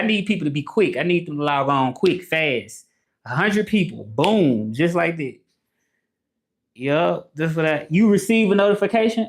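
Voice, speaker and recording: A young man with a Southern American accent, chatting loosely on a live stream, greeting viewers and dropping in short French phrases that he then translates. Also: a little high. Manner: greets chat viewers by name. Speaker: vlogger live-streaming to followers. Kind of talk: casual live-stream chat.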